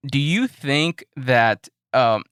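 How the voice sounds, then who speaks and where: A man with a bright, clean voice asks a guest a question in a loose, rambling way. The recording is dry and close. He sounds like a relaxed podcast co-host. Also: mid-range voice, slow, clear, resonant tone, no echo. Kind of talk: casual interview chat.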